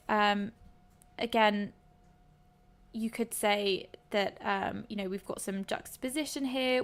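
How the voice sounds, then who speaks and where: A young English literature tutor from England gives an exam revision lesson, explaining exam answers in a chatty, enthusiastic way with lots of "um"s. Her voice is mid-range.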